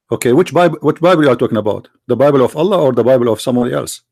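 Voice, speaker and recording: A man's voice: mid-range voice, animated, very fast, creaky, few pauses, a little mellow, no echo, clean studio sound. A man with an Arabic accent hosting a live call-in debate stream, asking insistent, challenging questions. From Middle East. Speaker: debate livestream host.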